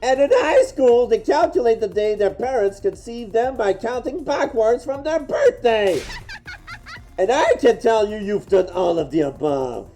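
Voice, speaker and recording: A man's voice: very high-pitched, expressive, a little slow, dark tone, faint music behind, voice pushed up, exaggerated voice. A man voicing a scornful, teasing young woman with mocking, theatrical disdain, while reading game dialogue aloud.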